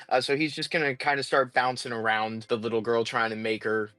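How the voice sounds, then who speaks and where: A man's voice: mid-range voice, level tone, fairly quick, a bit bright, no echo, soft background music. A man playing a tabletop game who speaks hesitantly, with many fillers. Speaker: player. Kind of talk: tabletop role-play chat.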